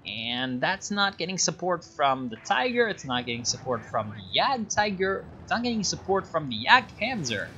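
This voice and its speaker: A man's voice: a little high, big pitch swings, moderate pace, hardly any pauses, sharp tone, highs cut off, slight background noise. A man casting a strategy game replay in a sarcastic, rambling way, full of fillers and asides. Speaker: game caster. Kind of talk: casual game commentary.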